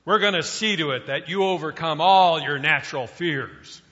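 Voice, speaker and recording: A man putting on a gruff, raspy army drill sergeant who barks orders loudly, with echo on a dull recording. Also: on the high side, moderate pace. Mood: commanding. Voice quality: raspy, growling. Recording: echoey hall, dull lo-fi sound.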